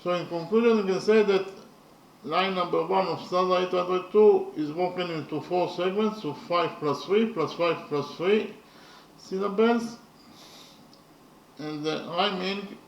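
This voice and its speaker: Slow gravelly man lecturing from afar. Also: high-pitched. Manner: deliberate, repetitive, with hesitant fillers. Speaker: literature lecturer. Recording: roomy, from a distance, faint noise.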